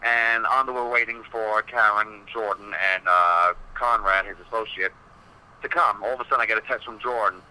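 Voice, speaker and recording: A man's voice: on the low side, normal speed, sharp tone, clear, resonant tone, poor audio. A man, a wrestling personality, telling stories in a casual podcast interview, rambling with many fillers and swearing freely.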